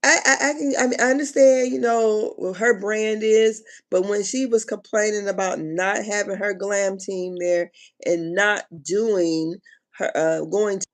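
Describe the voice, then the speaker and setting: A woman chatting casually on a live stream, animated and slangy, often laughing and exclaiming. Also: medium pitch, a little slow. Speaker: reality TV commentator.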